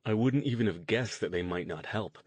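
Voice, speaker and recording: A man's voice: fairly low pitch, a little fast, breathy edge, no room sound. A man voicing a blunt young man who sounds dejected and weary.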